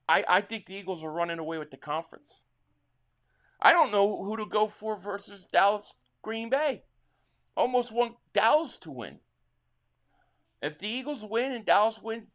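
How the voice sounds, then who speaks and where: Male stream host, high-pitched, slightly worn voice, excitable play-by-play reaction. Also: moderate pace. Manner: excitable play-by-play calling, reading viewer chat. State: slightly losing his voice. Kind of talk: live sports reaction stream.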